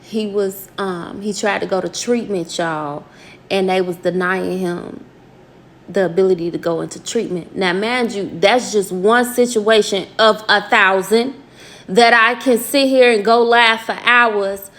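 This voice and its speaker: A woman community activist from Minnesota, talking casually to her viewers in an animated, folksy way and calling them y'all. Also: mid-range voice, a little slow, a little hiss or hum. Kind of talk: casual reaction commentary.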